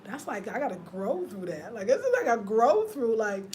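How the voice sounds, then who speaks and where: A woman, chatting casually with viewers on a livestream, swinging between loud laughter and hushed murmurs. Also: fairly high pitch, big pitch swings, moderate pace, hardly any pauses, noisy background. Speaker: vlogger.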